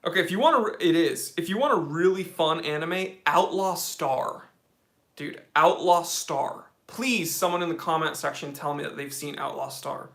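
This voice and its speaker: A man's voice: fairly high pitch, normal speed, fairly bright tone. An American man hosting a livestream, casually reading out viewer comments and chatting with enthusiasm. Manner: casual, enthusiastic, says dude a lot. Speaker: watch channel host.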